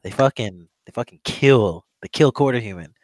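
A man's voice: mid-range voice, lively intonation, normal speed, dry recording, low-quality recording. A man reviewing an old monster movie in casual chat, rambling, swearing often and laughing at the story as he retells it. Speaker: podcast co-host.

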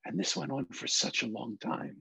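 Gravelly, husky middle-aged man. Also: medium pitch, animated, pushed and bright, no room sound, low-quality recording. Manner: earnest, halting restarts. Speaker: guest. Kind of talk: emotional personal storytelling.

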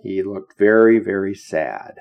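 A man telling a personal anecdote in a casual, animated way, switching between voices as he retells it. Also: low-pitched, a little slow, vocal fry. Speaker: storyteller, former Navy officer. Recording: dull lo-fi recording.

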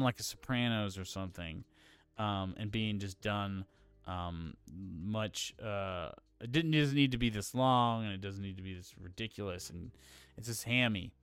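A man's voice: on the low side, animated, moderate pace, fairly bright tone, clean tone, dry recording. A man giving blunt, opinionated film criticism in casual chat, swearing freely.

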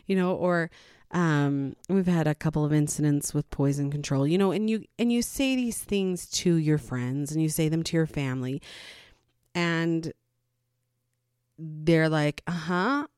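A woman's voice: low voice, unhurried, smooth, dry recording, clean studio sound. A middle-aged woman talking candidly to viewers about her life as a parent, acting out what people said in raised voices. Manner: candid and animated, acts out quotes in raised voices, laughs between points. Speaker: parent sharing her experience. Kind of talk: casual personal talk to viewers.

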